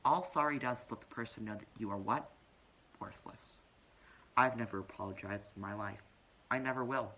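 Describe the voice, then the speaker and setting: A man's voice: medium pitch, a little fast, slight background noise, low-quality recording. A man playing a self-righteous, preachy young woman who tells her story in a pompous, lecturing comedic monologue. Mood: indignant. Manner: pompous, lecturing, deadpan self-important delivery.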